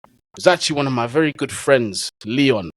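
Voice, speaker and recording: A man's voice: mid-range voice, expressive, normal speed, no room sound, rough recording. A man, a football content creator, telling stories in a casual, slang-heavy way as a guest in an interview. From England. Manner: easygoing, slang-heavy storyteller.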